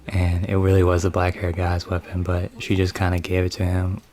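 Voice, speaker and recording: Casting: low-voiced man, monotone, sardonic game-story recapper. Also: a little fast. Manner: deadpan, mocking. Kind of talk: comedic sarcastic story summary.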